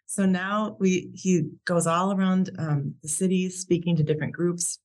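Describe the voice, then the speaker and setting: A woman's voice: fairly low pitch, steady tone, normal speed, few pauses, a little mellow. A woman, a podcast guest, telling a heartfelt personal story about her brother and often laughing between sentences.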